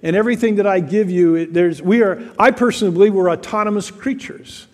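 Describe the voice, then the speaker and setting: Male pastor, higher voice, earnest sermon delivery in a reverberant church hall. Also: a little mellow. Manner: earnest, repeats words, slows for emphasis.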